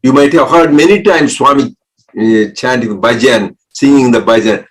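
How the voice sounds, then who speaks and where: A man giving a spiritual talk, explaining mantras slowly and breaking words into syllables, pausing often for an interpreter. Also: medium pitch, expressive, a bit bright, poor audio. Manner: breaks words into syllables, with many restarts and pauses. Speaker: spiritual speaker.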